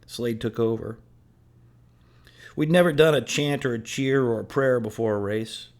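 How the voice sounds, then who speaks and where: A man reading a novel aloud in first person, measured and earnest. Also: mid-range voice, a little mellow. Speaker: audiobook narrator.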